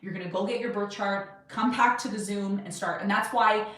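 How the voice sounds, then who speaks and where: A woman's voice: medium pitch, fast, few pauses, fairly bright tone, far from the mic. A woman in her thirties hosting an astrology livestream from her desk at home, chatting with viewers and answering their questions in a rambling, self-assured way. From Jamaican, Irish and Serbian heritage. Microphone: webcam or camera at a desk. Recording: very echoey room, voice set back from the mic.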